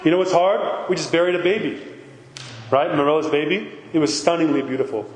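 Fairly high-pitched and fairly quick, a man preaches as a priest in a conversational style. He speaks emphatically and poses many rhetorical questions, and the hall echoes with faint noise behind him.

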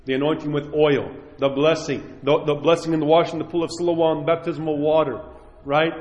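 A man's voice: a little high, little pitch movement, moderate pace, darkish tone. A male priest preaching a sermon in a conversational, emphatic way, acting out the voices he quotes. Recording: echoey hall, long reverb.

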